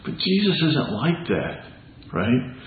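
A man's voice: mid-range voice, big pitch swings, takes it slowly, a little hiss or hum. A man preaching a sermon as pastor, earnest and conversational, asking the congregation rhetorical questions. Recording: echoey room, tinny phone-like sound.

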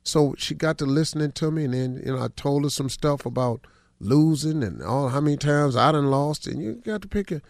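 Gravelly-voiced man telling a story. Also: fairly high pitch, a little fast, dry recording, clean studio sound. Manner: relaxed colloquial storytelling. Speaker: radio show host. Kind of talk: casual morning-show chat.

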